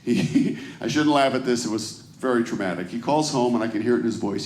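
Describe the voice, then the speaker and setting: A man's voice: medium pitch, a little fast, hardly any pauses, a little mellow. A middle-aged man doing a stand-up routine, chatting with the crowd in a conversational, self-deprecating way. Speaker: stand-up comedian. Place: comedy club stage before a live audience. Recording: roomy live stage recording.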